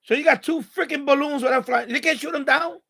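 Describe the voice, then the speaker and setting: High-pitched gravelly man ranting. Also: fairly quick, bright, forceful tone. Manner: exasperated, swears freely. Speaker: radio hobbyist live-streamer. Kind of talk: ranting live-stream chat.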